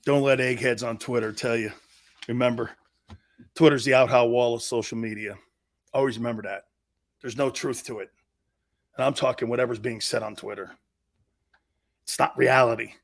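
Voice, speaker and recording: The live sports talk host has a creaky, mid-range voice, moves at a moderate pace and pauses often. His storytelling is animated, shifting from hushed asides to loud bursts, with blunt and swaggering banter.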